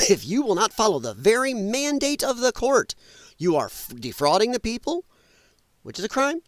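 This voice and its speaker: A man's voice: high voice, wildly swooping pitch, moderate pace, no room sound. A man hosting a livestream, ranting angrily and bluntly with some profanity while working at his computer. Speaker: livestream host. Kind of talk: heated political livestream rant.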